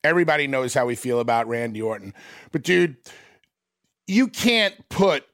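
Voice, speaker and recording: A man's voice: medium pitch, sing-song, moderate pace, a bit bright, dry recording, studio quality. A man co-hosting a casual wrestling talk show, joking around and telling stories. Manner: joking, storytelling.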